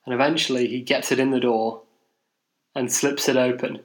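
Speaking at normal speed in a level, medium-pitched voice, a man from England co-hosts a podcast and rambles through a self-deprecating anecdote. He stumbles through plenty of fillers and restarts, and the room gives the audio a noticeable echo.

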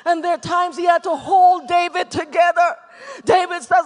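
A man preaching a sermon with fervor, shouting in bursts and then dropping to hushed tones. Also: very high-pitched, moderate pace. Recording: long reverb of a large hall.

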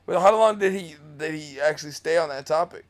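A man's voice: fairly high pitch, a little fast. A young man co-hosting a casual podcast, slangy and profane, reacting emphatically. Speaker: podcast co-host.

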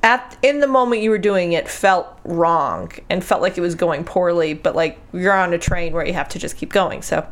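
Chatty woman telling an animated story. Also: on the low side, normal speed, hardly any pauses. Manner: animated storyteller, acts out her own thoughts. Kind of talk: casual chat.

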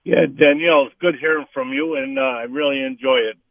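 A man's voice: mid-range voice, steady tone, brisk, creaky, dry recording. A man in his seventies or older calling in to a sports radio show, rambling and repeating words. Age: 70s or older. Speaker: caller. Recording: dry, tinny phone line.

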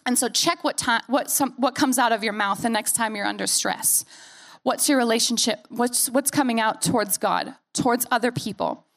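A young American woman pastor preaching a sermon in an earnest, animated way with playful asides; her accent has softened after years in Australia. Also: a little high. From United States.

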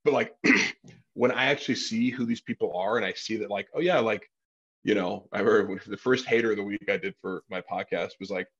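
A podcast host chats casually in a fairly low, fairly bright voice with a breathy edge, talking a little fast. He rambles, uses lots of fillers, and swears now and then. The sound is lo-fi.

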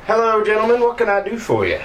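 A man voicing a polite female town mayor who talks in halting, hesitant phrases. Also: high voice, big pitch swings, a little hiss or hum, pitched above the performer's own voice. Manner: hesitant, filler-heavy.

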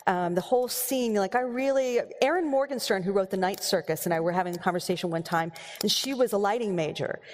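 A woman's voice: mid-range voice, fast, hardly any pauses, darkish tone, slight background noise. An American woman novelist answering audience questions on stage, chatty and laughing, rambling with restarts. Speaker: novelist giving a keynote Q&A. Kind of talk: live audience Q&A. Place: large hall with audience. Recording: long hall reverb.

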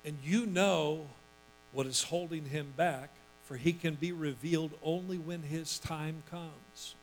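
A male pastor with a fairly high voice delivers a sermon, swinging between steady scripture reading and sudden loud bursts of emphasis. Soft music plays faintly behind him. A low mains hum sits under the recording. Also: unhurried, rough recording. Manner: preaching with sudden bursts of emphasis and acted-out quotes.

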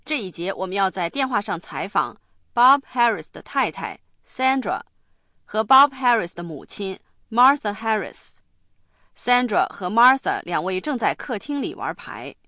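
A woman hosting a language lesson, explaining clearly and instructively. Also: mid-range voice, very animated, unhurried, pushed and bright, dry recording, clean studio sound.

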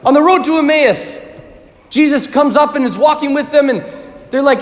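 A man, a priest, giving a homily at Mass, telling the story animatedly, acting out startled reactions and often clearing his throat. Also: extremely high pitch, moderate pace. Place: church. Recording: long church reverb.

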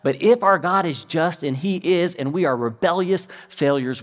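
With a fairly high pitch and moderate pace, a middle-aged pastor from the US delivers a sermon, a long reverb tail following each line. He tells stories animatedly and acts out the quotes within them.

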